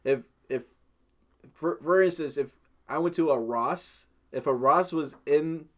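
A man's voice: fairly high pitch, unhurried, a bit bright. A young man co-hosting a casual podcast, rambling and swearing as he talks. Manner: rambling, swears, laughs often. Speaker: podcast co-host.

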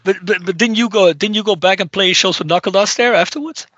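A man interviewing his guest in an unhurried way, searching for words as he speaks. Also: high-pitched, sharp tone, no echo, lo-fi sound. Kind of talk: conversational interview.

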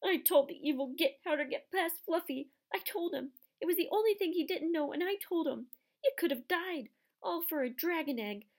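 A woman voicing a huge grieving groundskeeper who sobs loudly in remorse. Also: animated, moderate pace. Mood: sobbing remorse. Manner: sobbing, loud and high.

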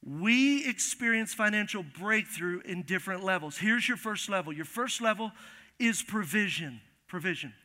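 A male pastor with a high, sharply bright voice delivers an emphatic sermon, doubling back on key phrases and pressing the congregation directly. His words ring out through a church sanctuary with a long trailing reverb. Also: animated, normal speed.

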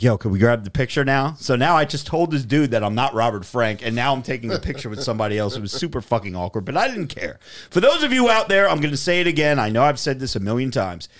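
A man hosting a podcast, telling a story casually with lots of swearing and acted-out dialogue. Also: on the high side. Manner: profane, animated storyteller acting out dialogue. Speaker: podcast host.

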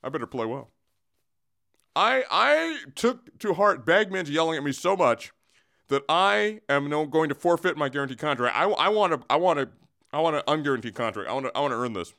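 A man doing a quick impression of a humbled male basketball star who earnestly stammers that he wants to earn his keep. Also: fairly high pitch, very animated, gravelly, sharp tone, exaggerated voice.

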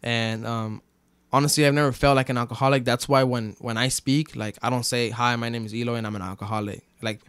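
Fairly quick and steady, with a bright, clean medium-pitched voice and no echo, a young podcast guest recounts his story. The casual chat meanders, sprinkled with curses and plenty of "bro" and "like."

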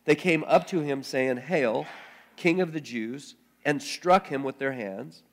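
A man pastor reading scripture aloud, then preaching in a halting way, often repeating words as he thinks aloud. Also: mid-range voice.

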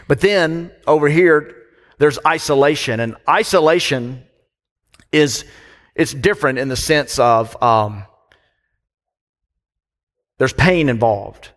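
A man's voice: fairly high pitch, slow pace, long pauses, fairly bright tone, in a large hall. A man preaching a sermon as pastor, conversational and full of questions to the congregation.

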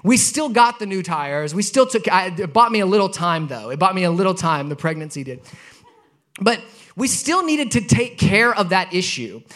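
A pastor in his thirties with a notably high voice for a man preaches to his congregation. He moves between relaxed storytelling and emphatic, repeated points. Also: normal speed. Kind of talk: sermon with personal story.

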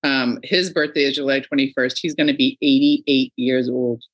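A middle-aged woman hosting a podcast, telling stories in a casual, animated way and acting out the people she quotes. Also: rumbling low, normal speed. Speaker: podcast host. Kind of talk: casual interview chat.

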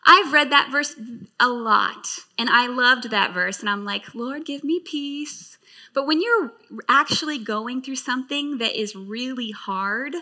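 A woman in her late thirties preaching from the pulpit, telling her own story with earnest, heartfelt warmth. Her voice sits high and rings sharp and very bright. She speaks as a pastor giving a sermon testimony. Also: a little slow. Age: late 30s.

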